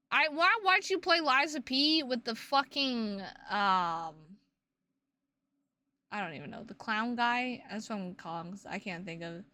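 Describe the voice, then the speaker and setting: A woman's voice: mid-range voice, bright, forceful tone. A woman streaming and chatting casually with her viewers, playful and teasing, with plenty of swearing.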